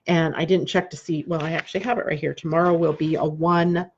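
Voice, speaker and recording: A woman astrologer hosting a live stream, talking calmly and repetitively, often checking in with "right?". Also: low voice, fairly quick, muffled recording, a little hiss or hum. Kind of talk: live-streamed spiritual talk.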